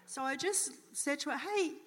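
A woman telling a testimony from a church stage, animated and acting out the dialogue. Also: sits high, moderate pace, a little hiss or hum. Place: church auditorium. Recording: church hall reverb.

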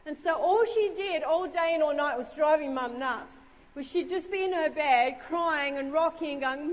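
A woman's voice: sits high, normal speed, big-room sound. A woman pastor telling a story in a sermon, chatty and humorous, in a conversational way.

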